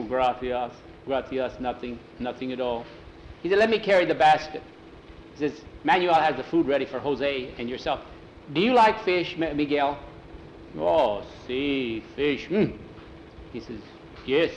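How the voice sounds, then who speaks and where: A man telling a story aloud in a relaxed, folksy way, dropping into broken-English voices for the characters. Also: a little high. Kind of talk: oral storytelling, voicing characters. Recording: roomy, faint ambient noise.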